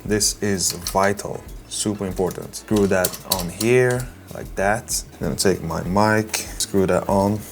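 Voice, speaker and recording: Low-voiced man chatting through a mic review. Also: fairly even intonation, unhurried, hardly any pauses, background noise. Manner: chatty, self-deprecating, addresses viewers directly. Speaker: tech reviewer. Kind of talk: casual product review vlog. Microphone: USB condenser mic at close range.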